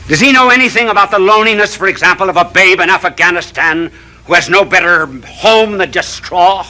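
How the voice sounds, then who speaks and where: A man's voice: sits high, a little fast, bright, forceful tone, poor audio. A man, a bishop, giving a televised sermon in a studio, orating through long runs of rhetorical questions.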